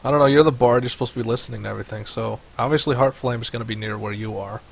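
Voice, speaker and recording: A man's voice: medium pitch, steady tone, very fast, creaky, slightly rough. A man running a tabletop game as game master over voice chat, rambling with many fillers. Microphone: headset or desk mic on voice chat.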